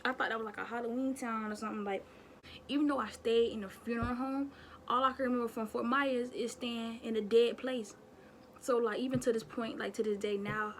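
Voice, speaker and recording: A young woman vlogger telling a childhood story in a chatty, animated way, talking straight to her viewers. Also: fairly high pitch, slight background noise. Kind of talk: casual storytime.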